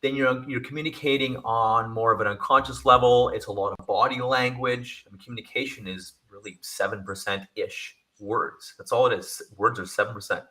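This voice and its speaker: A man's voice: medium pitch, fairly even intonation, moderate pace, few pauses, bright, forceful tone. A man working as a communication coach, giving advice in an interview with energy, stressing and repeating his key phrases.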